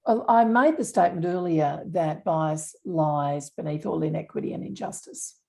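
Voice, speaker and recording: Mellow woman explaining earnestly. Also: sits low, moderate pace, gravelly. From Australia. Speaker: unconscious bias specialist. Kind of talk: interview conversation.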